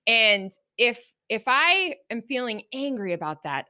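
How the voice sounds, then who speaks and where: A middle-aged woman co-hosting a podcast, talking earnestly and reflectively, lively when she acts out everyday examples. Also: fairly high pitch, normal speed, hardly any pauses. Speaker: podcast co-host. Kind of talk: reflective conversational podcast talk.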